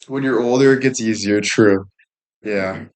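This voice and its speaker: A man's voice: lowish voice, a little slow, roomy sound. Rambling, foul-mouthed young man streaming. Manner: rambling, profane, laid-back. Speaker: livestreamer. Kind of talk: casual livestream chat.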